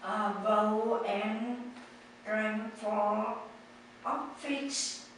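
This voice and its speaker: A woman whose first language is Vietnamese, practicing pronunciation and giving careful, halting answers. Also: mid-range voice, fairly even intonation, a little hiss or hum. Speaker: student. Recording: echoey room, distant mic, faint ambience.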